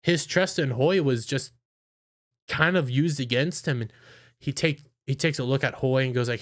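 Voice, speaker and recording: A man's voice: mid-range voice, normal speed. A man casually recapping and reviewing an anime episode, rambling with lots of fillers and acting out the characters' lines.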